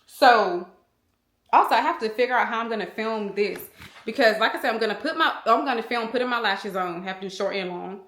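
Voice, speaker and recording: A woman's voice: fairly high pitch, fairly quick, fairly bright tone. Chatty woman vlogging in an echoey room. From United States. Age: 30s. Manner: chatty, addresses viewers as y'all, rambling. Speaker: beauty vlogger. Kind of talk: casual chatty vlog talk to viewers. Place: room at home. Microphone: small handheld camera.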